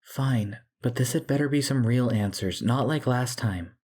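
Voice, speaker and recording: A man's voice: high voice, measured pace, fairly bright tone, slightly rough, pitched above the performer's own voice, exaggerated voice. A man voicing a worried woman, the doctor's wife, who pleads and presses. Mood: anxious. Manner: anxious and pleading.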